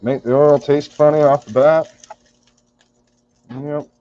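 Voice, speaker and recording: A man's voice: a little high, steady tone, slow pace, mellow. A man cooking in his home kitchen, chatting casually with viewers in a wry, joking way and swearing now and then. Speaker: cooking streamer. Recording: muffled lo-fi home recording.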